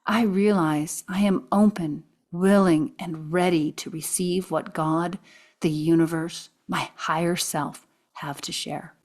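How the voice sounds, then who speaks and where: A woman reading aloud from her own memoir, expressive, sometimes dropping into soft whispers. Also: fairly low pitch, slow. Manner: expressive, drops to soft whispers at quiet moments.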